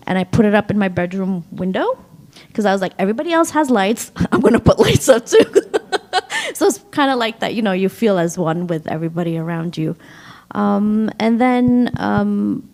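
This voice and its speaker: A woman's voice: mid-range voice, gravelly, a little mellow. A woman in her thirties from Afghanistan with a New York accent, speaking as a panelist in a chatty way, with frequent ums and laughs. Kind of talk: panel discussion. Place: synagogue hall.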